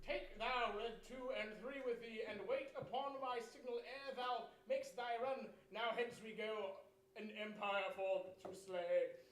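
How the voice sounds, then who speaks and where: High-voiced man reading mock-Shakespeare verse. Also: fairly even intonation, measured pace, echoey room, background noise. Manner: mock-Elizabethan verse, breaking into laughter and swearing. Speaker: reader of stage directions and Red Leader. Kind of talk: casual table read of a Shakespearean-style play.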